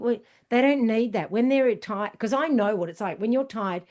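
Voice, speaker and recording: A woman's voice: on the high side, fairly quick, few pauses. A woman endurance coach in casual podcast chat, telling stories bluntly and emphatically and acting out what people said. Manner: animated storyteller who acts out what people said.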